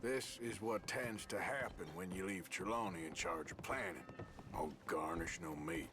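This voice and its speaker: A man's voice: sits low, normal speed, close to an everyday voice. A man playing a sardonic outlaw. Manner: dry, sardonic drawl. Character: gruff male outlaw in his thirties, dry wit. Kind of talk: video game voice acting. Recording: game audio with loud music under it. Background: game music.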